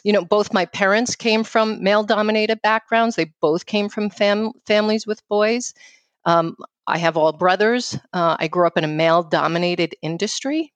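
A woman in her fifties with a New York accent, a guest speaking in an outspoken, quick, casual way with lots of "you know.". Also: medium pitch, no room sound. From New York City. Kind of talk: casual interview conversation.

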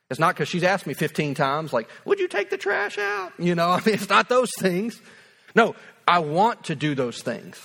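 A man with a notably high speaking voice delivers a sermon as a pastor. He talks to his congregation in an earnest, conversational way and repeats phrases to drive his points home. He sounds like he is in his thirties. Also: a bit bright.

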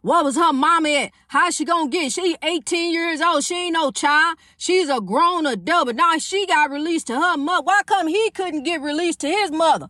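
A woman's voice: very high-pitched, normal speed, hardly any pauses, sharp tone, dry recording, clean studio sound. A woman in her fifties hosting a podcast, delivering a casual, preachy monologue full of repetition and calling the listener honey. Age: 50s. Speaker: podcast host.

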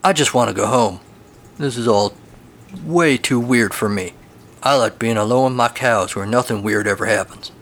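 A man voicing a panicky grown cowboy in a storybook tale, with a shrill, whiny voice. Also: normal speed, fairly bright tone. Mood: panicked. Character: panicky grown male cowboy lost in the future.

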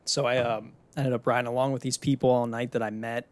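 A man's voice: mid-range voice, flat delivery, a little fast, no echo. A young man from the Pittsburgh area, hosting a casual solo podcast, talking in a loose, chatty way with casual swearing. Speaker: podcast host.

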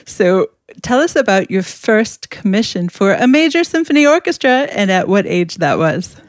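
A middle-aged woman hosts a relaxed interview, introducing her guest and asking questions in a friendly, conversational way. Her voice sits in an ordinary middle pitch and the recording is dry, with little room sound. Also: moderate pace, dry recording. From Indianapolis. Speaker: podcast host.

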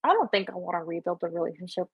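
A young woman with an Ontario Canadian accent hosts a casual podcast, rambling rapid-fire with lots of fillers. Her voice is on the low side, slightly rough, and lively in intonation, in a muffled recording without echo.

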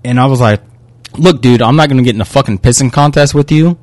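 A young man co-hosting a podcast, retelling a complaint in a heated, profane, animated way. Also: medium pitch, quick pace, dry recording. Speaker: podcast co-host. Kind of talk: casual chat, storytelling a complaint.

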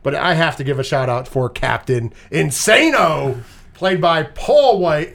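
A man's voice: mid-range voice, sing-song, moderate pace, gravelly, a bit bright. A man hosting a casual movie review podcast, chatting loosely, swearing often and laughing along with his co-hosts. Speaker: podcast host.

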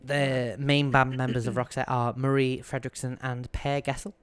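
A woman's voice: a bass voice, little pitch movement, normal speed, clean tone. A woman hosting a music quiz on a podcast, chatty and enthusiastic, talking casually with her co-hosts. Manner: chatty, enthusiastic, sings snippets. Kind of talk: casual chat.

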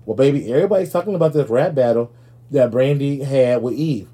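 A man with a husky, dark voice hosts a sassy comedy commentary show. He rants brashly and profanely, dishing gossip in a rolling, opinionated delivery. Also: medium pitch, brisk. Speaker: show host.

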